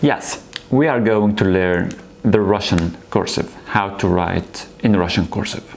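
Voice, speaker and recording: A man's voice: low-pitched, measured pace, vocal fry, a little hiss or hum. A man teaching a beginner language lesson, patiently repeating words and encouraging the learners. His first language is Arabic.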